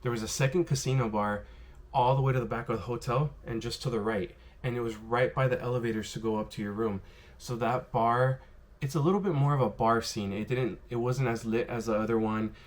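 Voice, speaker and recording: A man casually telling stories to the camera about his bartending days, rambling and filling pauses with "um" and "you know". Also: medium pitch, steady tone. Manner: rambling, filler-heavy, lots of "you know" and "um". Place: worked in Las Vegas.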